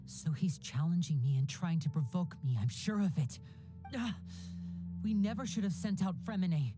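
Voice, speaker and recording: A woman's voice: on the low side, moderate pace, lightly acted. Woman voicing an anxious young magician. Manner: earnest and tense. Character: young male stage magician, anxious older brother. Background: faint game music.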